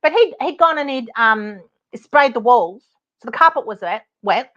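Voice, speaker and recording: A middle-aged Australian woman tells a story on her podcast, exasperated and animated, laughing often between lines. Her voice sits a little high and the audio sounds somewhat dull and lo-fi. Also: normal speed. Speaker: podcast host, property advocate. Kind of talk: casual storytelling monologue.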